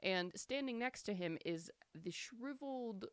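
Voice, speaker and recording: A woman narrating as the game master of a tabletop game, describing scenes in an unhurried way with fillers. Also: mid-range voice, lively intonation, clean tone, no echo.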